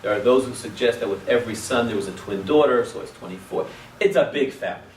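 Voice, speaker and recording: A male rabbi teaching a class as animated storytelling. He swings between loud exclamations and hushed asides and drops in Hebrew and Yiddish words. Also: mid-range voice, fast talker. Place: synagogue classroom. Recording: echoey room, distant mic, faint noise.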